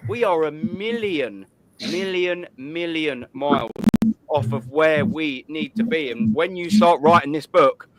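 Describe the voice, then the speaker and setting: A man, hosting a casual call-in chat with blunt, sweary banter. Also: fairly high pitch. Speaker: host.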